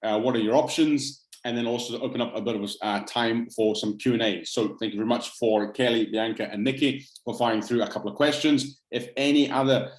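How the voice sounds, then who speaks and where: A man's voice: medium pitch, fairly even intonation, brisk, hardly any pauses. A man from Africa, running an online group nutrition coaching session in an upbeat, encouraging way and often checking in with "okay?". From South Africa. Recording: roomy echo.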